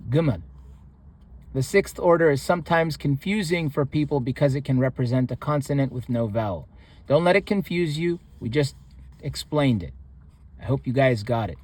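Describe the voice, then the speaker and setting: A man giving a relaxed spoken language lesson, reading from a book and repeating each word several times. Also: medium pitch. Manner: repeats words slowly, with pauses and restarts. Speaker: language teacher.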